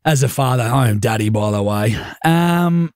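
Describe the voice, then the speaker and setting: A man's voice: mid-range voice, lively intonation, moderate pace, a little mellow, no room sound, studio quality. A young Australian man co-hosting a radio show, telling a joking story in casual on-air chat. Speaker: radio co-host.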